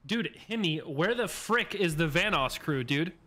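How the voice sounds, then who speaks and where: A man's voice: a little high, expressive, a little slow, sharp tone, slight background noise. A man making crude jokes in a casual group voice chat. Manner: crude jokes, hamming up a southern bit. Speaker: streamer's friend.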